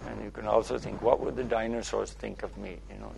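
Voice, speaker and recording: A man's voice: fairly low pitch, fairly even intonation, moderate pace, gravelly, a little mellow, a little hiss or hum. A man, a spiritual teacher, giving a playful, repetitive talk to listeners, often checking in with "okay?".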